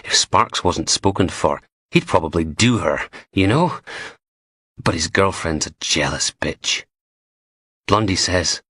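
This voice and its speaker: Deep husky male audiobook narrator. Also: normal speed, fairly bright tone, dry recording, clean studio sound. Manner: gritty, profane, darkly comic. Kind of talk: scripted crime audiobook narration.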